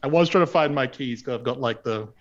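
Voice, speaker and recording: A man's voice: medium pitch, brisk, highs cut off. A man from Scotland telling rambling, self-deprecating anecdotes in casual chat on a video call. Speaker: player.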